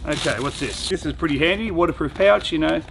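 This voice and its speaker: A man's voice: on the high side, brisk, vocal fry, background noise. A young man, chatty and upbeat, reviewing outdoor gear in a casual vlog and thinking aloud as he unpacks. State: out of breath after pumping. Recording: music playing underneath.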